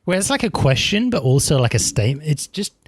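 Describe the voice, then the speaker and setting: A man's voice: on the high side, sing-song, quick pace, slightly rough. A man from England whose English accent has worn toward Australian, co-hosting a podcast in casual, rambling, self-mocking chat over an online call. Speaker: podcast co-host.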